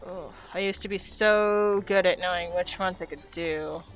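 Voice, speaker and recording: A woman's voice: fairly low pitch, steady tone, a little slow. A woman streaming a video game, chatting casually and muttering to herself as she plays. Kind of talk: casual gaming stream commentary.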